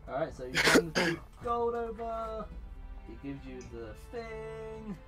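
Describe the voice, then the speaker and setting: A young man narrating as game master of a tabletop game, hesitant and full of pauses while he checks the rules. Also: sits high, sing-song, sharp tone, faint music behind.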